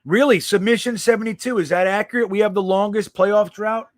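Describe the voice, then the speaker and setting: A man's voice: high voice, fairly even intonation, fairly quick, no room sound. A man hosting a casual live stream, reading viewer comments aloud with a blunt, profane, reactive manner.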